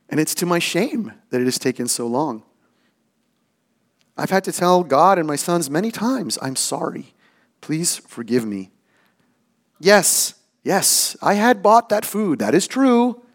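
Middle-aged pastor guy telling a story in his sermon, laughs a lot, voice goes up and down. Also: high voice. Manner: animated, self-mocking, laughs often.

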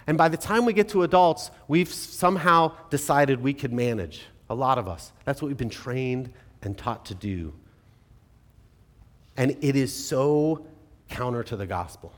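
A man in his forties preaching a sermon as pastor, earnest and conversational, swinging from animated stretches to hushed, quiet ones. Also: medium pitch, measured pace. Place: church sanctuary. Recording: long reverb of a church hall.

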